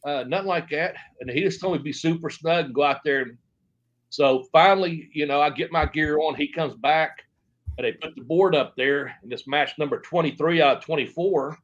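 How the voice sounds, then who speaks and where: A man's voice: on the high side, moderate pace, lo-fi sound. A man, a former pro wrestler, telling stories in an interview, rambling with lots of fillers. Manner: rambling, filler-heavy, acts out quotes. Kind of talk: shoot interview storytelling.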